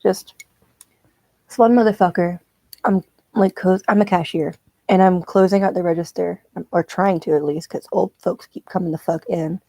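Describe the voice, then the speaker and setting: A woman chats casually as she knits, ranting and swearing freely. Her voice sounds mellow and dark. It is recorded dry and close, with no room sound. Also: on the low side, fairly even intonation, normal speed, gravelly, no room sound. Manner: profane, ranting storyteller. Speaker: streamer. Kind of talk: casual chat while knitting.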